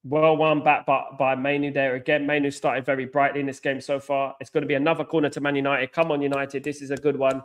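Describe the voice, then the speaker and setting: A young man hosting a live fan watchalong, chatting with viewers and reacting loudly to the football match, swinging from groans to shouts. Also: medium pitch, flat delivery, fast talker, few pauses.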